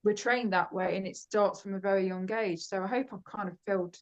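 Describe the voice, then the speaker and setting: Fast-talking woman, halting with fillers. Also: medium pitch, steady tone, highs cut off. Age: adult with grown children. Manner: talks fast, with many fillers and restarts. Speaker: guest. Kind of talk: casual conversation about personal experiences.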